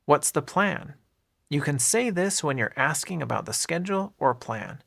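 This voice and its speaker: A man teaching everyday English phrases in a clear, deliberate scripted narration, modelling each phrase and explaining how words link together. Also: a little high, animated, fairly bright tone.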